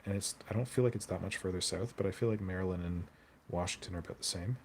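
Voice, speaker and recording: A man with a low, somewhat mellow voice talks quickly on a hobby live stream, rambling, joking, and answering viewer comments aloud. There's a bit of hiss or hum in the audio.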